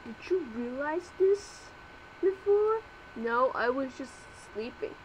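A woman's voice: sits high, animated, slow, a little hiss or hum, poor audio. A woman voicing all the characters of a homemade fan cartoon, with frantic yelps and exclamations.

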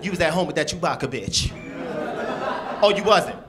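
A man voicing his angry ex-girlfriend in a stand-up act, loud and accusing. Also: on the high side, animated, normal speed, crowd noise, close to an everyday voice. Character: angry young woman, the comic's ex-girlfriend, scolding. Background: audience laughter.

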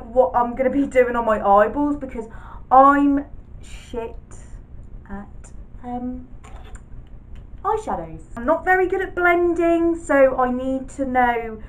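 A woman's voice: high voice, rough recording. A young woman chatting casually to camera as a vlogger, swearing often and poking fun at herself. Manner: chatty, sweary, self-mocking.

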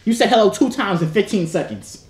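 A man's voice: sits high, lively intonation, brisk. A young man coaching his younger brother on a video chat app, teasing and laughing often. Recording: echoey room, faint noise.

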